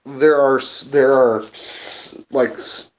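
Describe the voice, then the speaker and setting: A man's voice: medium pitch, steady tone, takes it slowly. A man playing a tabletop game over voice chat, joking and sometimes stammering over restarts. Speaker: player.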